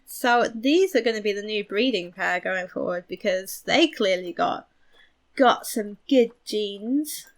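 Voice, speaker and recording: Woman doing a lets play, kinda high voice, rambly and self-mocking, quiet game music behind. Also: animated, measured pace. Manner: chatty, thinks aloud, self-mocking. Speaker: let's play host. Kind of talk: casual gameplay commentary.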